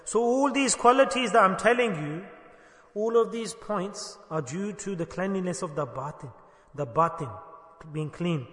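Male preacher, high bright voice, storytelling sermon that swells to emphatic cries, long hall reverb. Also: expressive, normal speed. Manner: storytelling, rising to emphatic exclamations. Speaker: Islamic preacher.

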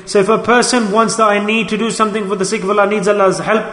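A man delivering a sermon as a preacher, with a sing-song, drawn-out preaching delivery. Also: sits high, flat delivery, fairly bright tone. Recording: echoey hall.

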